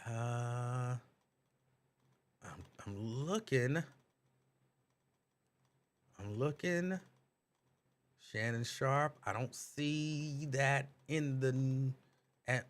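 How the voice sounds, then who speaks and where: A man hosting a live talk stream, reading viewers' comments aloud and riffing on them in an animated, direct way. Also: medium pitch, drawn-out words, long pauses. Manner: animated, talks straight to chat viewers. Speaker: talk show host reading live chat.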